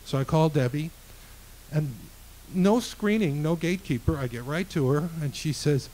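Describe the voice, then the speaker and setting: A man telling a true story on stage, animated and acting out the dialogue. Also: a little high, moderate pace, a little hiss or hum, poor audio. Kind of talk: live storytelling. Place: live venue stage.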